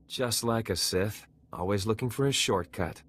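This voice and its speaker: A man's voice: lowish voice, moderate pace, fairly bright tone, husky. An actor playing a proud, zealous male Jedi Knight in a video game, who speaks in a righteous, combative way.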